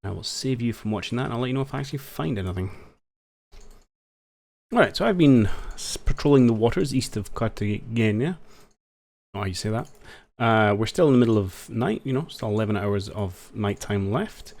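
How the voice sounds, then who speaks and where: A man with a fairly low voice talks through a strategy game as he plays, casual and unhurried. He thinks aloud with a wry, understated edge, recorded close on a desk microphone. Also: expressive, vocal fry, a little mellow. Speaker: strategy game let's-player. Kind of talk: casual gameplay commentary.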